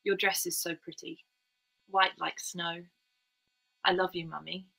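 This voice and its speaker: A woman's voice: on the low side, flat delivery, a little slow, creaky, sharp tone, slightly rough, full character voice. A woman voicing a small girl who pleads with her mother in a breathless, tearful way. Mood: playful.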